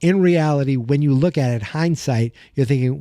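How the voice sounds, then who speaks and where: A man's voice: mid-range voice, moderate pace, dark tone, no echo, clean studio sound. A man hosting a fan podcast, chatting through an episode recap in a loose, emotional way. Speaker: podcast host.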